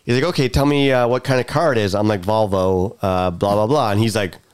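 A man co-hosting a relaxed podcast tells a story with gusto and slips into the voices of the people in it. His voice is smooth and clear at an ordinary middle pitch. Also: quick pace. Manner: animated anecdote telling with quoted voices. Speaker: podcast co-host. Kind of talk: casual chat, storytelling.

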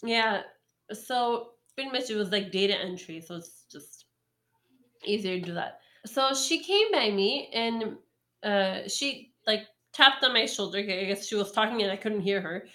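A woman's voice: medium pitch, animated, unhurried, bright, forceful tone. A woman telling a work story in casual chat, rambling with lots of ums and likes and acting out what people said. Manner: rambling, full of ums and likes, acts out quotes. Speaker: podcast storyteller.

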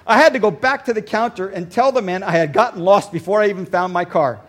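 A male pastor preaching a sermon, telling a story and dropping to a soft voice for emphasis. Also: high voice, fast. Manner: storytelling, varies loudness for emphasis.

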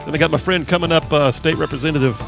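A man's voice: fairly high pitch, very fast, creaky, over music. A male radio talk show host in a studio, delivering an emphatic monologue and repeating phrases for emphasis. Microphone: studio microphone.

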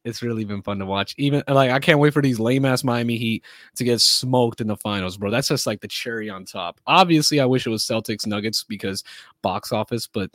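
A man's voice: mid-range voice, a little fast, a bit bright, no echo, studio quality. A man hosting a casual podcast, talking in a loose, rambling, profane way with lots of fillers. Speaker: podcast host. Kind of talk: casual sports and wrestling chat.

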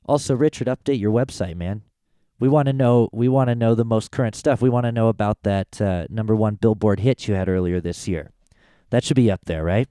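A man's voice: lowish voice, warm tone, smooth, no room sound, clean studio sound. A man hosting a podcast, chatting casually and rambling a little as he introduces and interviews a guest. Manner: chatty, rambling, self-correcting. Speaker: podcast host. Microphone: studio mic with headphones.

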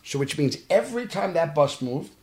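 A podcast guest who acts for a living, this Brooklyn, New York native talks at a moderate pace in a slightly high voice. He animatedly recounts stories and plays out the dialogue in his Brooklyn accent, while the studio lends a roomy echo.

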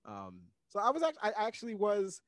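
A man with a slightly higher voice in a relaxed podcast chat, wry and rambling as he circles back over his words. The sound is dry and close. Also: normal speed, no room sound. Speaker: podcast co-host. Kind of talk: casual chat.

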